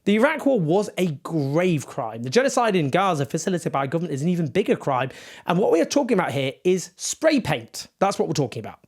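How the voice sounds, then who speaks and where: A man's voice: a little high, very animated, fast talker. A man giving impassioned, indignant political commentary with sarcastic asides.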